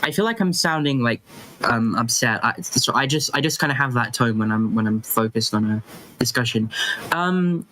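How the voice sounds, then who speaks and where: A man's voice: medium pitch, expressive, normal speed, sharp tone, slight background noise. A man arguing his side in a heated debate, hesitant and stammering, and defensive when pressed. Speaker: guest debater.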